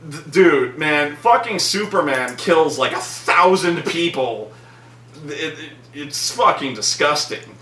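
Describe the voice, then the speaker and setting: A man's voice: a little high, slow pace, a little hiss or hum. A man hosting a vlog, ranting casually and profanely about a film. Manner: profane, animated ranting with mocking put-on voices. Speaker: vlog host. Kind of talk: casual movie-review rant. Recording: echoey room, mic at a distance.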